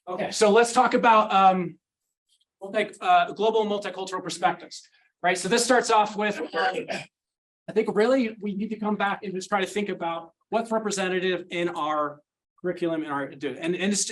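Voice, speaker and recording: Middle-aged man, high voice, earnest reflective speaker presenting to fellow teachers. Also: a bit bright, low-quality recording. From Utah, United States. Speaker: university sociology teacher. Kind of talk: conference presentation. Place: conference breakout room.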